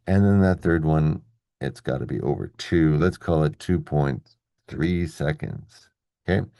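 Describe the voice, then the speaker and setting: A deep-voiced man with a gravelly edge gives a classroom-style English video lesson, explaining each point step by step at a measured pace. He checks in with the viewer using "okay?" and "right?", and his tone is dark and mellow. The sound is dry and close, with no room sound.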